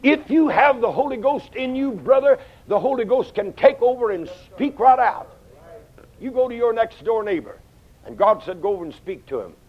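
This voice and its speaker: An older man preaching a sermon, folksy and storytelling, swinging between loud outbursts and hushed asides. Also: extremely high pitch, lively intonation, moderate pace. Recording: dull lo-fi sound.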